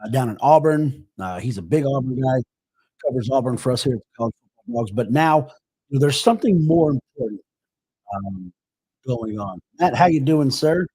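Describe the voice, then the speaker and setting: A hoarse man hosting a live sports show, his husky voice caught close and dry with no room around it. He rambles loosely, stopping to greet viewers by name between thoughts. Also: medium pitch, expressive, moderate pace, dark tone, dry recording. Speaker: podcast host. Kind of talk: live sports podcast chat.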